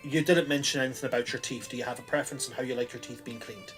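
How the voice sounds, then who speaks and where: A man's voice: medium pitch, steady tone, racing, over music, close to an everyday voice. A man voicing a fussy, anxious young elf groomer who mutters worriedly to himself in a tabletop game. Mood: earnest. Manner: mutters worriedly, fretting and precise.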